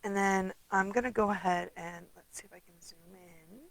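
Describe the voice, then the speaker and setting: This rough recording features a middle-aged woman whose mid-range voice is gravelly, steady in tone and at normal speed. Tired and yawning, she chats her way through a craft tutorial, rambling and saying um often as she demonstrates papercraft.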